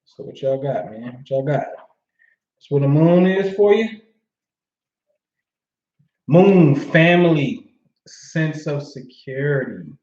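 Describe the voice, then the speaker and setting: A man's voice: fairly high pitch, expressive, slow pace, pauses often, darkish tone, dull audio. Laid-back slangy man on a roomy stream. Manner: laid-back slangy talk, frequent "you know what I'm saying". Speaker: astrology livestream host. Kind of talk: casual livestream chat reading viewer comments.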